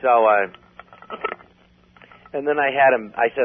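A man's voice: mid-range voice, takes it slowly, a little hiss or hum. A man telling a long story in a casual, rambling way, full of restarts. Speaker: comedian guest. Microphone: phone. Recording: tinny phone line.

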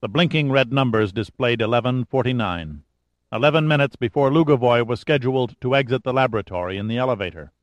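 A man reading a thriller audiobook in a steady, measured storytelling voice. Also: medium pitch, no echo, lo-fi sound. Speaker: audiobook narrator. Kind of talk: scripted thriller narration.

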